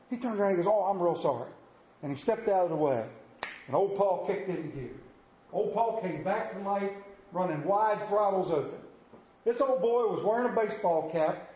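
A middle-aged man preaching in a church, his voice high and ringing in a roomy sanctuary. He tells folksy, self-deprecating stories with animated swings in his delivery. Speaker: pastor. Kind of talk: sermon with storytelling.

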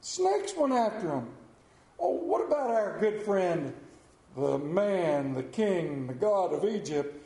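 High-voiced preaching pastor, man. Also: sing-song, slow pace, echoey room. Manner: preaching with sudden swings from hushed to loud. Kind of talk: sermon.

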